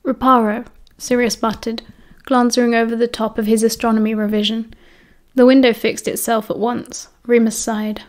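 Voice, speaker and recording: British lady narrating an audiobook, slightly high voice, steady. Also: moderate pace. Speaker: audiobook reader.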